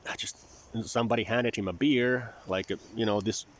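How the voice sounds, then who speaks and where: Finnish man, Finnish native, Southern twang English, lowish voice, wry digressive vlog chatter. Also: steady tone, moderate pace, a little hiss or hum. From Finland. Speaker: vlogger. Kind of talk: rambling casual monologue. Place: outdoors near marshland.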